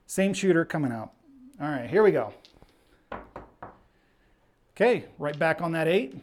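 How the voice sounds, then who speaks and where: A man's voice: fairly high pitch, lively intonation, a little slow, slight background noise. A man hosting a casual live stream, chatting and calling the action as he plays, a little out of breath. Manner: chatty, reads viewer names aloud. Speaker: livestream host.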